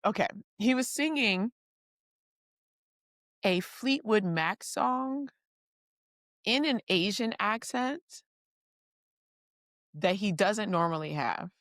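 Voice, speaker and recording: A woman's voice: medium pitch, expressive, slow, long pauses, fairly bright tone, no room sound, studio quality. A woman co-hosting a podcast in casual chat, a chatty storyteller who laughs through her stories. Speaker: podcast co-host.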